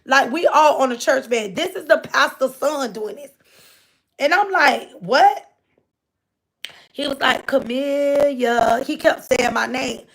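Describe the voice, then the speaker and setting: A woman telling her viewers a story in a loose, rambling way. Her voice sits high and has a rough, gravelly fry running through it. She repeats phrases and keeps turning to speak straight to her listeners. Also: animated, moderate pace, fairly bright tone. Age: adult. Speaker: livestreamer reading viewer comments.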